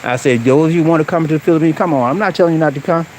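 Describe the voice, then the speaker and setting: A man's voice: a little high, racing, a little hiss or hum. A middle-aged man, chatting bluntly on a live stream from outdoors in a rural area, calling out to viewers with slang. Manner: preachy, blunt, talks straight to viewers with slang. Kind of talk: casual live-stream chat.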